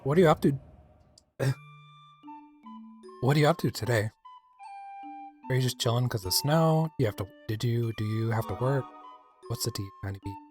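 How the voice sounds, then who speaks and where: A man's voice: mid-range voice, normal speed, pauses often, a little mellow, faint music behind. A man from the American South, chatting casually with his chat while livestreaming a game. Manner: chatty, rambling, playful.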